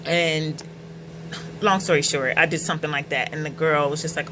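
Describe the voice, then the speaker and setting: A middle-aged woman telling personal stories in a casual, animated vlog, often laughing as she goes. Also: low voice, normal speed, background noise. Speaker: vlogger.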